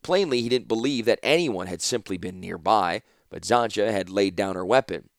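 A man narrating a fantasy audiobook in a dramatic, expressive storytelling manner. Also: fairly low pitch, normal speed, gravelly, dry recording, studio quality.

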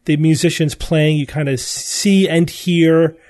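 A man's voice: on the high side, steady tone, measured pace, darkish tone. A man hosting a podcast, telling travel stories in casual chat with frequent restarts. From United States. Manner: chatty storytelling with restarts. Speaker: podcast host.

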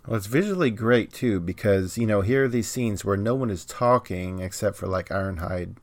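Wry low-voiced man recapping. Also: normal speed, no echo. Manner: wry, dry humor, laughs often. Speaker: podcast co-host. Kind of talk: casual chat and episode recap.

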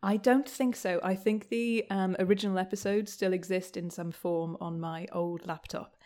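A woman's voice: fairly low pitch, fairly even intonation, moderate pace, darkish tone. Giggly young woman guest, full of ums. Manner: laughs often while talking, hesitant with many ums. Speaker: podcast guest. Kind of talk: casual chat.

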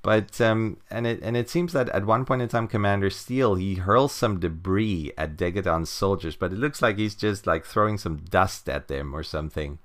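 A man with a very low voice talks through a story in loose, easygoing chat. He rambles with plenty of fillers and little chuckles along the way. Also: normal speed, hardly any pauses, fairly bright tone. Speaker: comic book podcast co-host. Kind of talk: casual chat.

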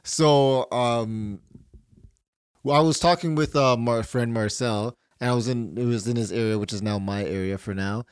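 Male co-host, lively storyteller, laughs a lot, swears, dry close sound. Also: medium pitch, moderate pace, clear, resonant tone, dry recording. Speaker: podcast co-host; welder. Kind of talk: casual chat.

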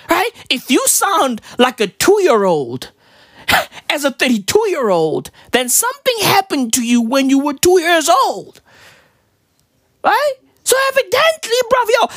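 Woman ranting for laughs, high voice all over the place, rambly, dry close sound. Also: dry recording. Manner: rambling, exclamatory, keeps asking "right?". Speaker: comedian. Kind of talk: irreverent comedic rant.

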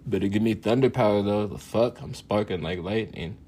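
A man's voice: on the low side, brisk, warm tone, slightly rough. A man ranting casually for laughs, boastful and profane, laughing often. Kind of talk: casual comedic rant.

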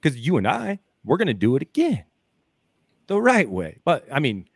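Midwestern male podcast co-host, rambling storyteller with very lively pitch swings, dry close-mic sound. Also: normal speed, husky, no room sound. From American Midwest. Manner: rambling, hypothetical storytelling that swings from mutters to heated outbursts. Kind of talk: casual podcast chat.

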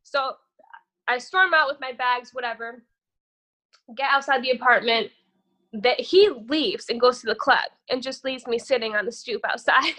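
A woman's voice: a little high, moderate pace, sharp tone. A young woman guesting on a podcast, telling a long dating story in a casual, rambling way, cursing freely and tossing in "whatever". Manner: profane, rambling, says "whatever" a lot.

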